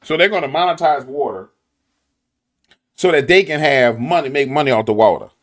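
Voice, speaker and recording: A man with a New Orleans accent giving animated, preachy commentary full of slang and repetition. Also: mid-range voice, moderate pace. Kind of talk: conspiracy commentary.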